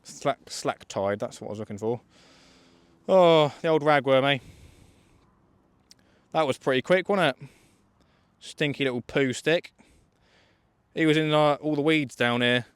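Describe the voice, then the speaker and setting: A young man talks viewers through a live fishing session outdoors on a riverbank. His voice is smooth and clear, sits at a middling pitch, and is recorded close and dry. He keeps it chatty and jokey, reading out questions from the chat and answering them. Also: unhurried, long pauses, dry recording. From England. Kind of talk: casual live fishing commentary.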